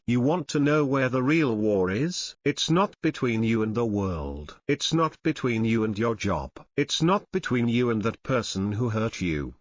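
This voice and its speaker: Male motivational narrator, commanding and dramatic, lively pitch swings, dull dry recording. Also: no echo. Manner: intense, commanding, dramatic pauses.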